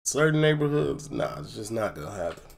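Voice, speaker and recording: A man's voice: lowish voice, sing-song, brisk, creaky, background noise. A man from Chicago hosting a reaction video, laid-back and dropping wry asides. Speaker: reaction channel host. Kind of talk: casual reaction commentary.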